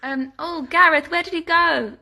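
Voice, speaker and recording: A woman's voice: very high voice, normal speed, creaky, heavy background noise. A woman hosting a casual live fan Q&A from home on her phone, reading out questions, chatting and giggling, and cooing at her dogs. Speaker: musical theatre performer hosting a fan Q&A. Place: at home, indoors. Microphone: phone held at arm's length.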